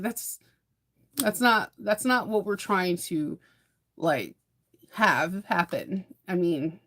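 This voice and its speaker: A woman's voice: mid-range voice, unhurried, slight background noise. Woman, casual vlog chat, frequent laughter, repeats words. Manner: chatty, laughs often, repeats words when restarting. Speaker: sewing and bag-making vlogger.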